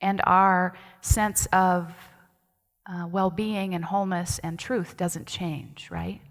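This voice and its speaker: Unhurried and low-voiced with fairly even intonation, a woman serving as associate minister preaches conversationally in a sanctuary. She chats and questions her congregation, her words trailing into the room's long reverb.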